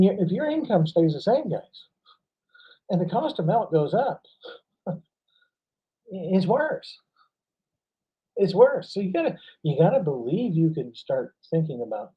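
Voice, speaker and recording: A man giving an animated motivational talk, telling stories with frequent laughs and emphatic jumps in pitch. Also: breathy edge, dull audio. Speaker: motivational speaker.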